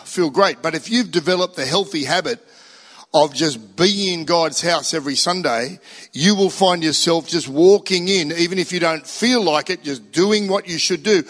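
An older man preaching a sermon as pastor, animated, acting out inner voices and a song leader. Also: high voice. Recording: long hall reverb.

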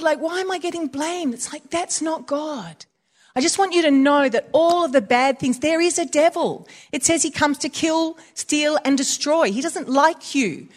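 A woman preaching in a chatty, conversational way, mixing scripture with personal stories. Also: fairly high pitch. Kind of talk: conversational sermon.

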